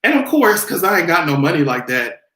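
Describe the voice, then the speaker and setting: A man's voice: a little high, big pitch swings, brisk, roomy sound, noisy background. A man hosting a casual commentary vlog, sassy and profane, laughing often as he talks. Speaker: host.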